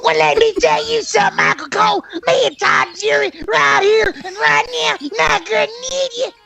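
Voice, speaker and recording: A woman doing a playful impression of a brash male wrestler, shouting cocky trash talk on a casual podcast. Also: very high voice, normal speed, gravelly, soft background music, full character voice.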